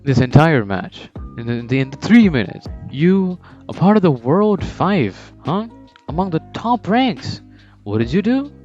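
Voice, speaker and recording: A man voicing a cocky teenage male soccer striker who taunts and shouts at his rivals, over background music. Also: on the low side, normal speed, muffled recording, natural voice. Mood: taunting. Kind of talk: fan story voice acting.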